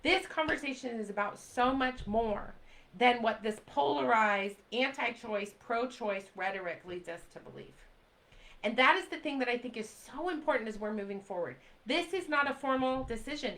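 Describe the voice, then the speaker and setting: A woman in her forties making an impassioned live talk to her viewers, pleading and repeating lines to drive them home. Her voice sits a little high and rings bright and forceful. She breaks off now and then to answer comments from the chat. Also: animated, moderate pace, rough recording. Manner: urgent, pleading, repeats phrases for emphasis. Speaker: livestream host. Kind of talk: impassioned direct-to-camera talk.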